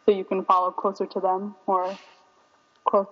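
A woman muses in a casual podcast discussion. Her delivery is calm and reflective. The recording is dull and carries a long echo. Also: medium pitch, moderate pace. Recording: dull audio with long reverb.

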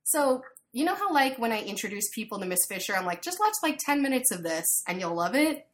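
A woman chatting casually, telling an animated story full of fillers. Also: medium pitch, a little fast. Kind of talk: casual chat.

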